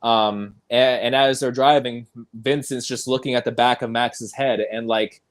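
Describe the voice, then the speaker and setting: A man's voice: medium pitch, steady tone, measured pace. Man, podcast host, casual movie chat, eager, laughs a lot, mid-range voice. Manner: enthusiastic, recaps scenes and laughs often. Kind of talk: casual film discussion.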